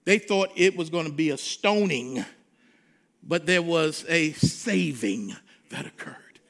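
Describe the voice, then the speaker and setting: A pastor preaches with a repetitive cadence, swinging from shouted declarations to hushed, confiding asides. His voice is a little high and gravelly, with lively intonation and a slow pace.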